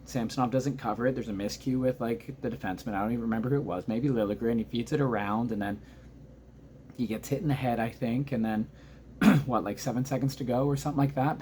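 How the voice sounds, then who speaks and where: A man recapping a hockey game at home at night, talking quietly but keyed up and emotional, rambling through the plays. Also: medium pitch, a little hiss or hum. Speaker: hockey fan reacting to a game. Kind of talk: excited post-game reaction monologue.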